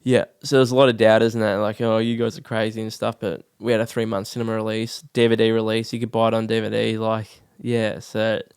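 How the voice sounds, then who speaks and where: An Australian man in his thirties, a podcast guest casually telling his life story, relaxed, swearing freely and saying "like" a lot. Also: lowish voice, brisk, hardly any pauses, clean tone, no room sound, clean studio sound.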